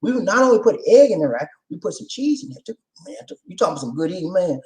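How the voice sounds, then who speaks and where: A middle-aged man from Charleston, South Carolina, with a Southern accent hosts a casual livestream, greeting viewers with playful laughter. His voice is high and sing-song, he talks quickly, and the audio quality is poor.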